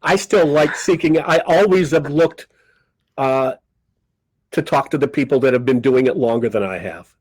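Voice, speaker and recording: A man's voice: mid-range voice, moderate pace, breathy edge, dry recording, low-quality recording. An older man, a comedy magician guest on a podcast, telling stories casually and acting out the people in them. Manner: animated raconteur who acts out quoted people. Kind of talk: casual storytelling interview.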